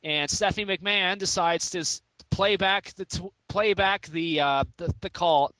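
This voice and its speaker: A man's voice: high voice, measured pace, bright, forceful tone, dry recording, poor audio. A man co-hosting a casual review podcast, rambling with stumbles and restarts. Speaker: podcast co-host.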